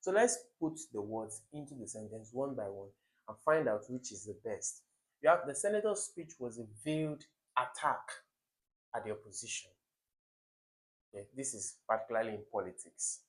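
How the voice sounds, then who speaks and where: A man's voice: medium pitch, lively intonation, moderate pace, rough recording. A man with a Nigerian English accent, an exam tutor talking through test questions, explaining step by step, repeating key words, and chuckling at wrong answers. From Africa.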